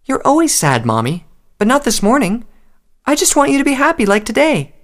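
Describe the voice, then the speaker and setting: A man's voice: very high voice, wildly swooping pitch, fairly quick, pitched above the performer's own voice, heavily acted. A man voicing a sad, insistent little pony filly in a storybook reading, pouting and pleading.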